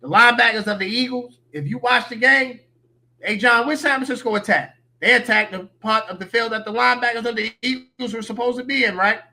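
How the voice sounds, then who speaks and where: A man's voice: very high voice, brisk, pushed and bright. A man giving opinionated, slangy sports talk as a podcast guest.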